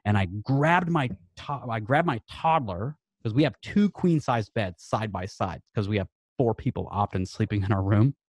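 A man's voice: lowish voice, moderate pace, few pauses, husky, no echo. A man in his late thirties, a podcast guest, telling a personal story in an earnest, rambling way with many restarts. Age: late 30s.

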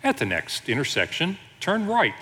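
Brief: man playing impatient female navigation voice, high, bright, clipped orders. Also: wildly swooping pitch, moderate pace, long reverb tail, exaggerated voice. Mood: flat instructing. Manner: clipped, commanding announcements.

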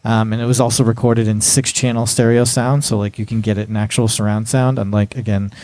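A man's voice: lowish voice, flat delivery, brisk, darkish tone, no room sound. A man co-hosting a casual movie podcast, enthusiastically explaining film history. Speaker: podcast co-host. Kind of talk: casual chat.

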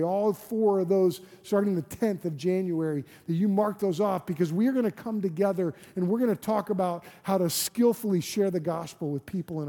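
A man's voice: sits high, warm tone. Man, pastor, sermon, earnest, rhetorical questions, long church reverb.

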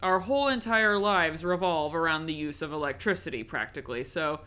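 A woman's voice: low voice, brisk, bright, forceful tone. A woman giving a casual, chatty recap and review of a horror film, with frequent ums and likes.

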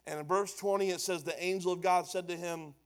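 A man's voice: sits high, brisk, smooth. A man preaching a sermon as pastor, emphatic and conversational. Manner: animated, loud and emphatic, then quieter and conversational.

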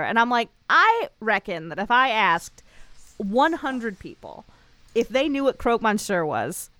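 A woman's voice: fairly high pitch, sing-song, measured pace, fairly bright tone, no echo. A woman co-hosting a casual podcast, wryly recapping a show in a loose, rambling way. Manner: wry, rambling storyteller. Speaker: podcast co-host.

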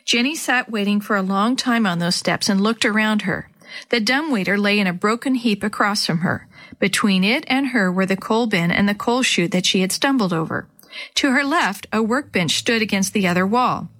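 Lady reading a kids chapter book out loud, gentle and clear storyteller voice. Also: medium pitch, moderate pace. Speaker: children's storyteller.

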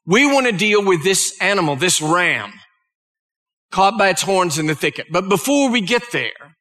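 A man's voice: high-pitched, expressive, normal speed, pushed and bright. A male pastor preaching a sermon, reading scripture aloud and stopping to explain it and to pray.

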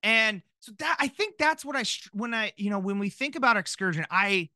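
A man in his thirties chatting on a podcast, his voice high and bright. He swings up and down with lively energy, joking at his own expense. The sound is close and dry. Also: fairly quick, no echo. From Minnesota. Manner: animated, jokey, self-deprecating. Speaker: podcast co-host. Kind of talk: casual chat.

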